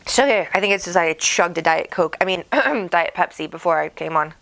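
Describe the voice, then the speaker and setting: A woman's voice: fairly low pitch, normal speed, vocal fry, a bit bright. Bubbly woman chatting on a livestream. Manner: bubbly, chatty, reads out viewer comments. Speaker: psychic medium host. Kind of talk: casual livestream chat. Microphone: desk microphone.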